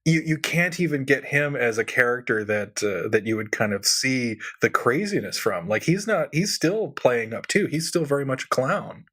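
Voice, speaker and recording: A man co-hosting a podcast, chatting casually and animatedly, laughing often with quick asides. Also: mid-range voice, expressive, a bit bright. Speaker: podcast co-host. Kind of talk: casual chat.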